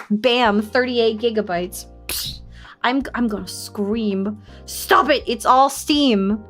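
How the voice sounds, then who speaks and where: Young woman streamer, high voice, unhurried chatter, jumps to squeals and giggles, soft music underneath. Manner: playful and excitable, squealing and laughing, mock outrage at her computer. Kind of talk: casual live-stream chat.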